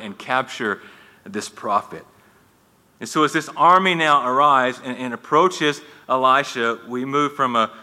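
A man's voice: mid-range voice, bright, forceful tone. A man preaching a sermon in a conversational way, with frequent restarts and folksy asides. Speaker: pastor. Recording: long reverb in a hall.

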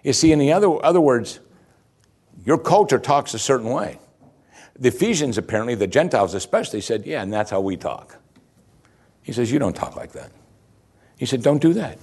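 A man preaching a sermon, explaining scripture in an animated way with chuckling asides and emphatic rising peaks. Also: mid-range voice, a little fast, long pauses, husky. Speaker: pastor.

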